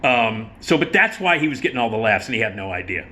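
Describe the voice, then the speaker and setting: A man telling a casual, profane theater story, animated and quick to laugh. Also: mid-range voice.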